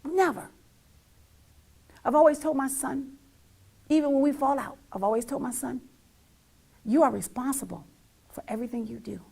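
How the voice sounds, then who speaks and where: A woman's voice: a little high, creaky, warm tone, husky. A middle-aged woman telling her own story as a mother, emphatic and repetitive, sometimes dropping almost to a whisper. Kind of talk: heartfelt personal testimony.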